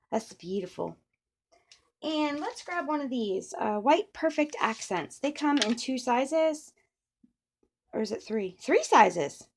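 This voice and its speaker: A woman's voice: on the high side, a little mellow. A middle-aged woman chatting through a papercraft tutorial, rambling with playful asides. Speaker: papercraft demonstrator. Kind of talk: casual crafting tutorial.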